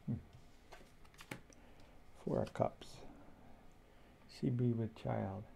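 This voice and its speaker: A man slowly flipping through a tarot deck, musing aloud to himself in a casual, rambling way. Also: mid-range voice, vocal fry, mellow, a little hiss or hum. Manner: slow, musing, talks to himself. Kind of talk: casual flip-through commentary.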